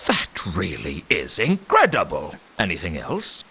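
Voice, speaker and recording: A wry former watchman turned detective in a game. He asks dry questions in a husky, low voice that rises and falls sharply. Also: huge pitch swings, unhurried, pushed and bright, exaggerated voice.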